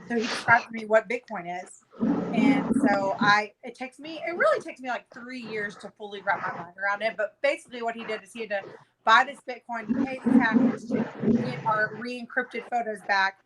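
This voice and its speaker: Brief: woman guest in her thirties, higher voice, swears freely, lively storyteller, slight hiss behind her. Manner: profane, animated storyteller. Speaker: podcast guest. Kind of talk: casual chat.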